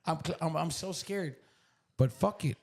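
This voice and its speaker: South texas guy telling a raw personal story, swears a lot, goes from whispering to loud, kinda high raspy voice. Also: moderate pace. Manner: raw, profane, swinging from hushed whispers to loud bursts. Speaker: podcast guest. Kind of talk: emotional storytelling.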